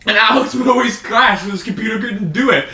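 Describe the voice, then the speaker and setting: A man co-hosting a casual podcast with friends, telling game stories excitedly, laughing and swearing. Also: high voice, a little fast. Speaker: podcast co-host. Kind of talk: casual chat among friends. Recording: roomy echo, distant mic, faint noise.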